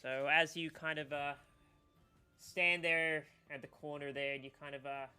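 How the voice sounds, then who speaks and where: A man's voice: a little high, steady tone, moderate pace, sharp tone, clean tone, soft background music. A man narrating a tabletop game as game master, hesitant, with many fillers.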